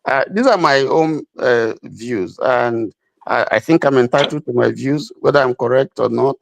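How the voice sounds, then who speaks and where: Stammering gravelly man, dry sound. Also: medium pitch, no room sound. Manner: halting, stammering restarts. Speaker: debate guest. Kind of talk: heated panel debate.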